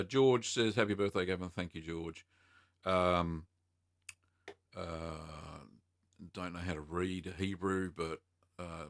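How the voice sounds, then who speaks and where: An Australian man hosts a casual livestream about cheesemaking, reading viewer questions aloud and answering them with plenty of ums and uhs. His voice is low with a fairly bright tone, recorded with studio quality and no echo.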